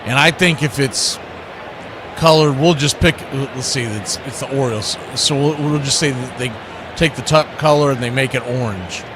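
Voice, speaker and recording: A man hosting radio baseball play-by-play, mixing chatty opinions between pitch calls and lifting his voice for big plays. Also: normal speed. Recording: noisy background.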